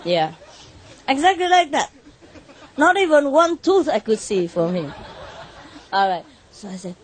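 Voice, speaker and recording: A woman telling an animated story to an audience in non-native English, laughing often and lifting her voice for her own quoted words. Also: high voice, unhurried, long pauses. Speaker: spiritual teacher addressing an audience.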